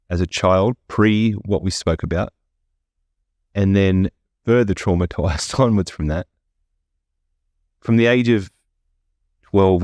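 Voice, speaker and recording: Low-voiced rambling man. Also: a little mellow, no room sound, clean studio sound. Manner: rambling, swears freely. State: high on edibles. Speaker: podcast host. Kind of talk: casual stoner chat.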